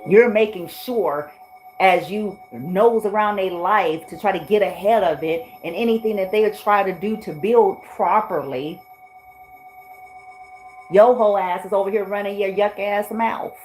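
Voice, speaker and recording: Woman, tarot reader, blunt, cursing, slangy, soft music in the background. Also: mid-range voice, a little slow, poor audio. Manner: blunt, profane, streetwise slang. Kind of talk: spoken tarot reading monologue.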